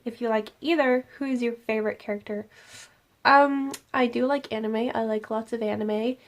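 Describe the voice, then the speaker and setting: A young woman chatting through a casual Q&A vlog, fielding viewer questions from her room at night. Her voice sits a little high and has a gravelly fry, and she keeps things playful. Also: fairly even intonation, normal speed. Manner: playful and jokey, slipping into silly voices. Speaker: YouTuber host.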